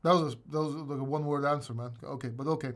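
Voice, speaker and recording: A male host with a fairly high voice, talking in a casual livestream chat. He is animated and emphatic, with blunt remarks and the odd curse word. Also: racing.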